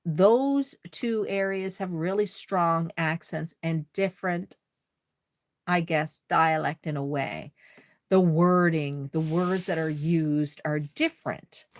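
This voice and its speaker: Nova Scotian woman, slow chatty host. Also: sits low, dry recording, studio quality. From Nova Scotia, Canada. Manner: chatty and friendly, laughs often. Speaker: doll-crafting livestream host. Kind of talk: casual livestream chat, reading viewer comments.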